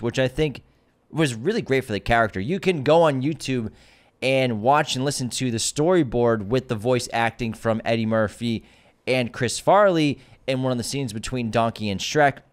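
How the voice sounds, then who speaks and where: A man's voice: medium pitch, moderate pace. Man co-hosting a casual movie podcast. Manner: teasing, argumentative banter. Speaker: podcast co-host.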